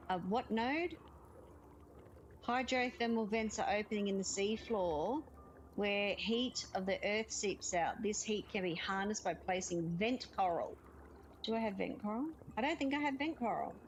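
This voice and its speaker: Woman, gaming streamer, giggly chat, mid-pitched voice, faint background hiss. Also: measured pace, rough recording. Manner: chatty, giggly, reads game text aloud. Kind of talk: casual let's-play chat.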